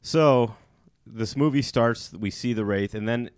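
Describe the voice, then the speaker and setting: A man's voice: medium pitch, a little slow, clean tone, no room sound, studio quality. A man with a Midwestern accent hosting a casual movie podcast, animatedly acting out characters as he recaps the plot. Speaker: podcast host.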